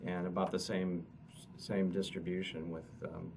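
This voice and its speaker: A man, an economist, explaining survey results at a press conference in a halting way, often repeating words. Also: low voice, little pitch movement, vocal fry. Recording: distant mic with noticeable noise.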